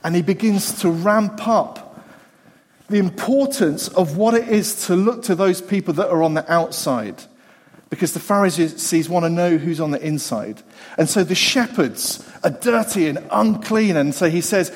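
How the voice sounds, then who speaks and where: Male preacher, lively storyteller, slightly high voice, long hall echo. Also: moderate pace, slightly rough. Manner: animated, acts out the voices of the people in the story. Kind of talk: sermon.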